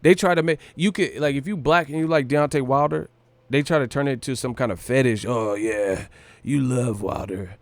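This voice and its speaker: A man's voice: on the high side, fast, no room sound. A man from California hosting a boxing livestream, brash and profane, riffing hard and breaking into laughter and sung lines. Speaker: boxing stream host. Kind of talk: casual livestream rant.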